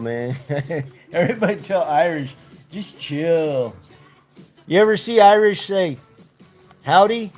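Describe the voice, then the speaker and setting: A man with a fairly high, easygoing voice chats on a casual livestream. He talks in a relaxed, unhurried way to his dogs and to viewers in the chat. Faint music plays softly in the background. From United States. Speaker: vlogger.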